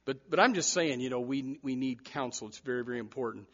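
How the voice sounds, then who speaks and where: A male pastor preaching a sermon in church, animated, with repeated words and sudden loud rises. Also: medium pitch, fast, muffled recording.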